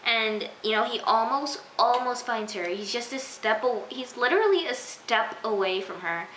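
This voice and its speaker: A chatty young woman talking through a TV episode, her bright, forceful voice set a little high for a woman. She gushes and fills her talk with "like". The room is echoey, with a faint hiss behind her. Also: lively intonation, normal speed. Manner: gushing, chatty, frequent "like" fillers. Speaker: TV recap vlogger. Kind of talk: casual episode review.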